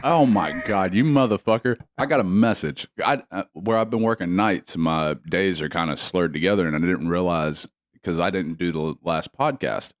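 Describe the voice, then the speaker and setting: A man's voice: low-pitched, normal speed, few pauses, no echo, studio quality. A man co-hosting a podcast in casual chat, cursing freely and laughing often. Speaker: podcast co-host.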